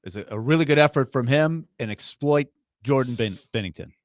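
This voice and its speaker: A man's voice: mid-range voice, lively intonation, fairly quick, no echo, studio quality. A man co-hosting a sports talk show, breaking down a game in a hesitant, analytical way. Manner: hesitant, analytical, restarts sentences.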